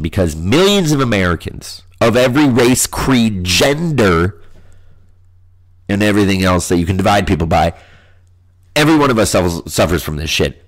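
A man talks alone on his podcast, his voice nasal and clogged by a stuffy nose. He rants and swears freely in a loose, casual flow. His voice sits a little low. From US Midwest. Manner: crude, ranting, profane. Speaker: podcast host. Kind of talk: casual solo podcast monologue.

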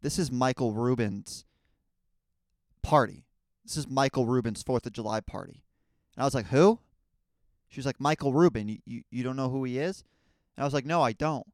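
A man's voice: medium pitch, a little fast, pauses often, no echo, clean studio sound. A young man hosting a comedy podcast, telling a story in a rambling, stammering way with lots of swearing. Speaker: podcast host.

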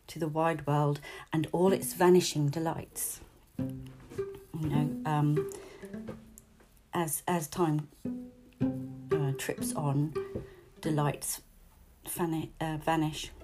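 A low-pitched woman reads a sonnet aloud and explains it line by line in a relaxed, chatty way. She speaks slowly, and guitar music plays clearly behind her. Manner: chatty, stops to explain and rephrase. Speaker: teacher. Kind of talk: poetry lesson with readings and paraphrase.

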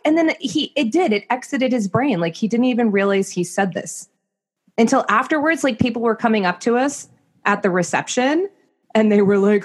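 A woman co-hosting a podcast in casual chat, telling stories in an animated way with many fillers. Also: a little high, a little fast. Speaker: podcast co-host.

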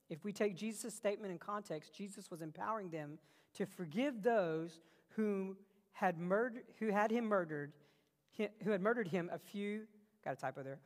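Gravelly preacher with a passionate delivery. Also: male voice, high-pitched. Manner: passionate storytelling, swinging between loud bursts and hushed lines. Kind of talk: sermon. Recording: long reverb of a large hall.

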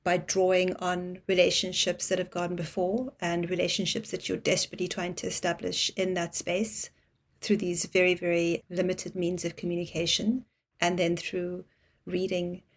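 Woman host asking long thoughtful questions, lowish voice, pretty flat delivery. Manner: measured and thoughtful, builds long sentences. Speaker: podcast host interviewing a guest. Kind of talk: reflective interview questions.

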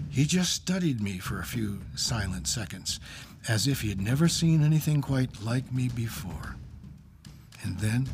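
A male English teacher narrates his own story with a wry, self-mocking humor. His pitch sits at an ordinary middle for a man, and he moves between dry asides and tense buildup. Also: a little mellow, a little hiss or hum.

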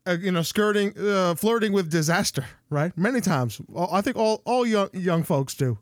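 A man co-hosting a podcast in casual chat, animated and laughing often, restarting his sentences. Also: sits high, normal speed, dry recording, clean studio sound. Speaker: podcast co-host.

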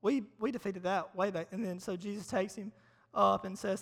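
A man preaching a casual, humorous sermon to a live audience, energetic and chatty, repeating phrases for emphasis. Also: high voice, moderate pace, gravelly. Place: large hall before a live audience. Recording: long hall reverb.

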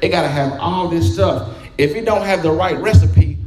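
A man's voice: fairly high pitch, normal speed, darkish tone. A man preaching a sermon in a folksy, conversational way. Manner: folksy, conversational preaching with quoted voices and humor. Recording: echoey room with background music.

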